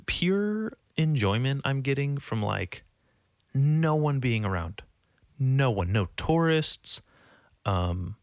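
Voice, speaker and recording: A young man talking casually to the camera in a rambling, profane, self-mocking way, jumping from topic to topic and now and then mocking panicked voices in a high squeak. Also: no echo, clean studio sound. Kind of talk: casual vlog monologue.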